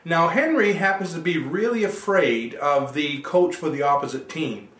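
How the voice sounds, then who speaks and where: A man gives an instructional self-help talk and guides his listeners through each step of an exercise. His voice sits fairly high. He is recorded from a distance in a room with noticeable echo. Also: moderate pace, fairly bright tone. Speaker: NLP coach.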